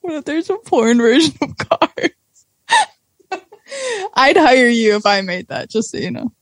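Brief: woman co-host, fairly high voice, dry close sound, quick teasing banter. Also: very animated, no room sound. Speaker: podcast co-host. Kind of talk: casual comedic chat.

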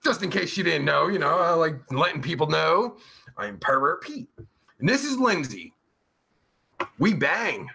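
A crude, foul-mouthed pervert character, put on by a man hosts a rambling comedy stream. His voice sits high and swoops all over, sharp and bright on top. Underneath it's gravelly and raspy. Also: big pitch swings, measured pace, long pauses, full character voice. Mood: crude banter. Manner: crude, rambling, swears constantly. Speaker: host. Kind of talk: comedic live stream chat.

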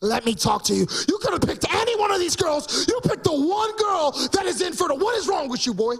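A preacher voicing a blunt, scolding older mother-in-law, shouting at her grown son. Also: very high-pitched, sing-song, brisk, gravelly, voice pushed up, full character voice. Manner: loud, scolding.

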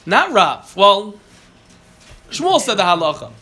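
A man's voice: sits high, sing-song, slow pace, sharp tone. A man teaching a Talmud class, reading Aramaic phrases and then explaining them plainly, often catching and correcting himself.

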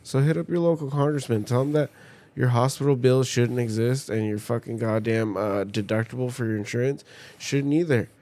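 A man's voice: mid-range voice, fairly quick, hardly any pauses, mellow. A young man co-hosting a podcast, ranting and swearing constantly in casual banter. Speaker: podcast co-host.

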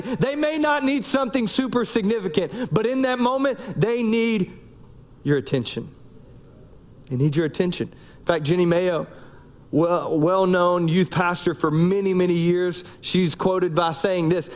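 A man, preaching a sermon in a conversational, joking way, with pauses between phrases. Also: high voice. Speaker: pastor.

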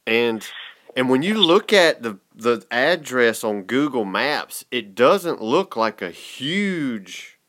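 A man, hosting a relaxed, folksy chat. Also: medium pitch, slow, no echo. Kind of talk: casual chat.

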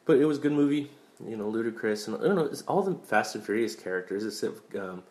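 A man's voice: lowish voice, animated, fast talker, darkish tone. A young man in casual, rambling movie talk, swearing freely and drifting into tangents as he reviews films. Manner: rambling, profane, wanders off on tangents.

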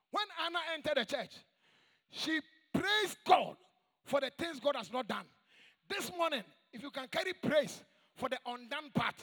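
A man preaching a sermon to a church congregation, emphatic and call-and-response, with shouted high points. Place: large church hall. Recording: long echoing church reverb.

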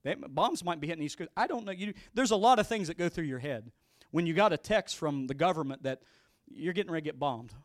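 A man's voice: a little high, lively intonation, fast talker, few pauses, no echo, studio quality. A middle-aged male pastor telling a story in a sermon and pressing his point with emphatic, repeated exhortations.

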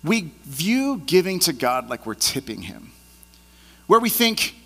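A man preaching a sermon in a relaxed, conversational way, animated as he acts out the people in his stories. His voice sits a bit high and sounds bright and forceful. A long reverb hangs around every phrase, as if he is in a large church sanctuary. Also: a little slow. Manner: animated storyteller acting out scenes. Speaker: pastor.

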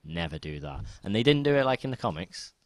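Deep-voiced rambling man. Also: very animated, fast, no room sound. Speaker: podcast co-host. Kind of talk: casual chat.

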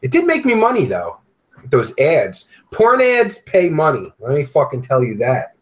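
A man's voice: a little high, huge pitch swings, normal speed, rough recording. A man hosting a podcast, chatting casually and ranting bluntly with lots of swearing. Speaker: podcast host.

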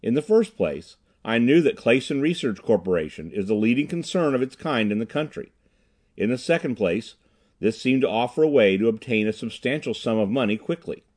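Guy doing an earnest determined young guy, guarded, lively delivery. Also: mid-range voice, a little fast, natural voice. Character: earnest, determined young man of twenty-four.

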